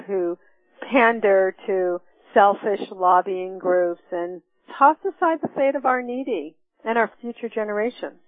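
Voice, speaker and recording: Over what sounds like a thin telephone line, dry and without echo, a middle-aged woman with a medium-pitched voice leads a class on forgiveness. She is earnest and reflective, explaining each step through personal examples.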